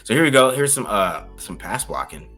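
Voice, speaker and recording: A man's voice: on the low side, very animated, moderate pace, bright, forceful tone, faint music behind. A man co-hosting a casual film-review chat, talking loosely with lots of restarts and laughs. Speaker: podcast co-host breaking down game film.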